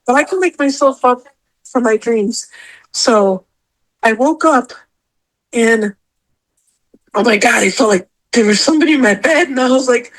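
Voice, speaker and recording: A woman's voice: a little high, normal speed, pauses often, poor audio. A woman guest telling a personal story in a casual chat, emotional and rambling, often repeating herself. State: tearful at times. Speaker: podcast guest.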